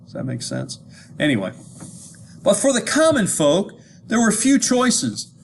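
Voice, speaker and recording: A man's voice: sits high, huge pitch swings, measured pace, slight background noise. American man lecturing in a chatty way. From United States. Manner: conversational, checks in with listeners, many restarts. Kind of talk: informal classroom lecture.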